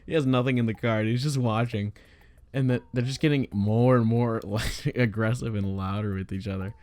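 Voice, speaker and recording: A young man telling a casual story to his viewers, excitable and exasperated, tripping over his words and using a lot of slang. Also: medium pitch, moderate pace.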